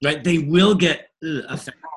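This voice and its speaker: A man's voice: fairly high pitch, normal speed, background noise. A man leading a webinar as a coach, talking casually and acting out dialogues with clients. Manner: animated, acts out client dialogue, laughs often. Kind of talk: casual teaching talk.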